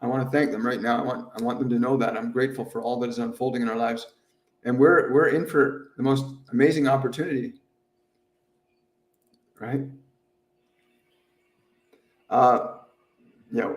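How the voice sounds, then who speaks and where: A man's voice: mid-range voice, steady tone, moderate pace, pauses often, distant mic. Earnest man in an echoey room. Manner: earnest, grateful, repeats phrases, laughs often. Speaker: medium hosting a live Q&A. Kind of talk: livestream talk.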